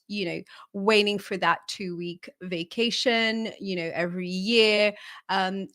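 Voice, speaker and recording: A woman talks casually on a live stream. She sounds earnest and chatty and teases her co-host. Her voice sits at an ordinary middle pitch. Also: sharp tone.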